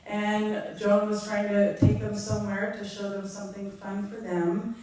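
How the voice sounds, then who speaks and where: A middle-aged woman giving a funeral eulogy, halting and heartfelt, with frequent ums. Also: mid-range voice, flat delivery, darkish tone. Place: large echoey hall. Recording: echoey hall from far off.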